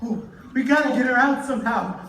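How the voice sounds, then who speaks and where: A performer playing a gentle, worried tin man on a school stage, soft-hearted and anxious. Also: sits high, a little fast, slight background noise. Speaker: stage actor in a school musical. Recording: distant phone recording in an echoey auditorium with music.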